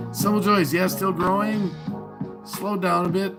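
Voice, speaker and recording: A man in his fifties chats away on a live stream, his pitch swinging up and down as he talks. He takes his time, speaking at an unhurried pace and laughing often while he answers viewers. He talks into a phone in his garage, with music clearly heard behind him. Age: 50s. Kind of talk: casual live-stream chat. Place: home garage.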